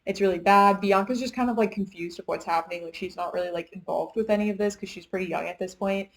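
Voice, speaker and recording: Casual young woman book reviewer, middle pitch, rambling plot recap. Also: fast talker, rough recording. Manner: chatty retelling, heavy use of "like". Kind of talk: casual chat.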